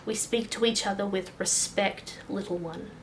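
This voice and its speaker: A woman voicing a calm, firm male doctor who speaks in a gentle, hushed tone. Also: mid-range voice, normal speed, slight background noise, lightly acted. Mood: gently stern. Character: calm, stern middle-aged male doctor and caregiver.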